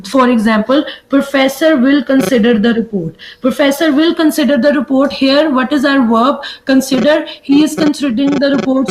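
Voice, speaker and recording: A woman's voice: high-pitched, rough recording. A woman teaching an online class, hesitant and often restarting words. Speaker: lecturer.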